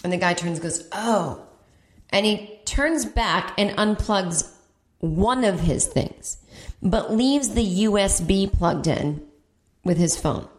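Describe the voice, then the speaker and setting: Animated woman comedian telling a story. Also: slow, roomy sound. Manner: animated, acts out voices with big pitch jumps. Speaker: podcast host and comedian. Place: home in Brooklyn.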